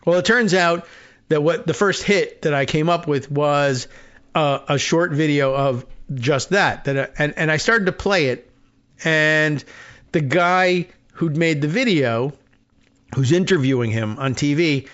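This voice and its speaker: A man's voice: fairly high pitch, unhurried, a bit bright. A man hosting a talk radio show, rambling through a sardonic, digressive monologue. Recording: muffled lo-fi sound.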